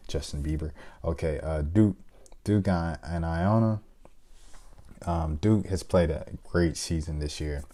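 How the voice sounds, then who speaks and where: Low, mellow-voiced man picking brackets. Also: takes it slowly. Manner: thinks aloud, hesitant fillers, playful shout-outs. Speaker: sports video host. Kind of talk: casual bracket-picking chat.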